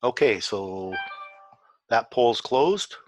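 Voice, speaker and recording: A man presenting a webinar in a relaxed way, with many fillers. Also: medium pitch, very slow, dry recording, faint music behind. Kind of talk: online presentation.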